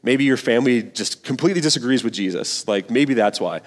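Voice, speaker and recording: A man's voice: medium pitch, fairly quick, big-room sound. A male pastor giving a sermon in an earnest, conversational way, full of casual slang.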